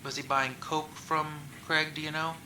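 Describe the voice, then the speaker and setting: A man's voice: on the high side, little pitch movement, measured pace. A man questioning a witness in a recorded police interview, asking short, matter-of-fact questions. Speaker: investigator. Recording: echoey room recording, faint hiss.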